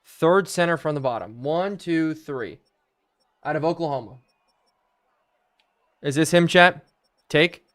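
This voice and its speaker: A man's voice: fairly high pitch, animated, slow, long pauses, a bit bright. A young man live-streaming a video game, chatting to viewers and thinking aloud as he plays.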